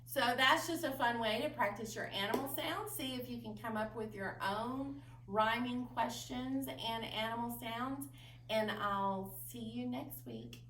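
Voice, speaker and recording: A woman librarian reading a picture book and leading rhymes for young children in a slow, sing-song, expressive way. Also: on the high side. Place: library room. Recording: echoey room, mic at a distance, faint hum.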